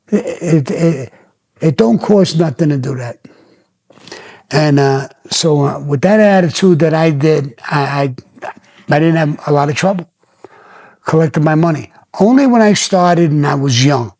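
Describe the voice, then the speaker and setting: This podcast host is an older man whose slightly high, darkish voice carries his personal tales. He talks bluntly and plainly, swearing freely as he goes.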